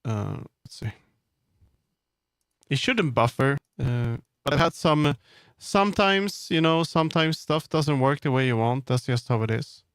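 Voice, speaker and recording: Gravelly man muttering through tech trouble. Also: medium pitch, lively intonation, unhurried, no room sound, clean studio sound. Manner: muttering to himself while troubleshooting. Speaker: streamer. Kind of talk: casual live-stream chat. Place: home streaming setup.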